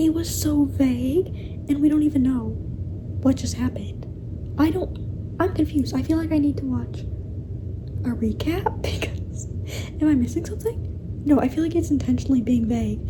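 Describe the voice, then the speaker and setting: High-voiced young woman, chatty and whispery. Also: noisy background. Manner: chatty and animated, often dropping to a whisper and laughing. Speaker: book vlogger. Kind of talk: casual reading vlog. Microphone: camera facing the speaker.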